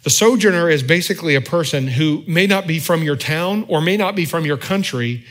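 A man preaching a sermon in a conversational way, often checking in with the congregation with quick asides. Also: fairly high pitch, expressive, fairly bright tone. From United States. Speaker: pastor.

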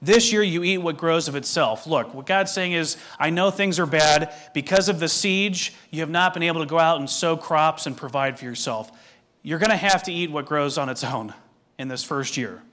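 Higher-voiced man preaching a sermon. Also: fairly bright tone. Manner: reads scripture aloud, then explains it; measured, asks the listeners direct questions. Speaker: pastor.

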